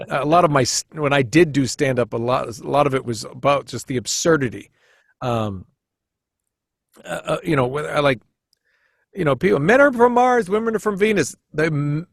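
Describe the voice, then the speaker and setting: Guy on a podcast telling rambly stories, kinda high voice, dry close mic, keeps restarting and doing little voices. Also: gravelly, no echo. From United States. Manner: animated storyteller who jumps into quoted voices; rambling with many restarts and fillers. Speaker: podcast guest. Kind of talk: casual storytelling chat.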